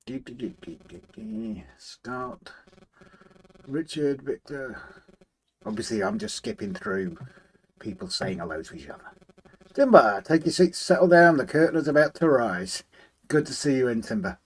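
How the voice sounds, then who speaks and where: A man hosts a relaxed livestream from his model railway room. He reads out viewer comments, greets each person by name in a friendly, chatty way, and hums to himself while he tinkers with the layout. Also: medium pitch, normal speed. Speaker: livestream host. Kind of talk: casual live chat, reading out viewer comments.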